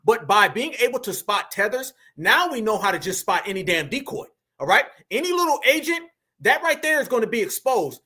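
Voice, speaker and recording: A man's voice: very high-pitched, big pitch swings, brisk, sharp tone, slightly rough. A man giving slangy, preachy commentary straight to his online audience.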